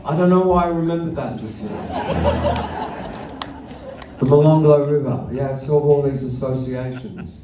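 A man's voice: on the high side, measured pace, pauses often, distant mic. Male musician, on-stage banter, wry and profane, live in a roomy theatre with faint crowd noise. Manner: loose, profane, self-mocking storytelling. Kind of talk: rambling stage banter between songs.

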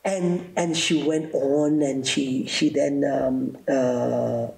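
A middle-aged South African gospel singer and bishop gives a personal testimony in an interview, speaking with a South African accent. His medium-pitched voice is gravelly and a little mellow, with fairly even intonation. He is slow, reflective and earnest, with fervent rises.

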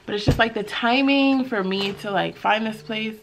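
A woman vlogging casually, telling a personal story in a chatty, expressive, faith-filled way. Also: medium pitch, normal speed, slight background noise.

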